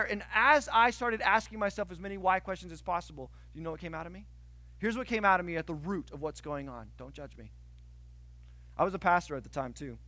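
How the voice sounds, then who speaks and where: Male pastor, high bright voice, dry close sound, animated sermon delivery with swings from loud to hushed. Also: dry recording. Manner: animated storytelling with sudden outbursts and hushed asides.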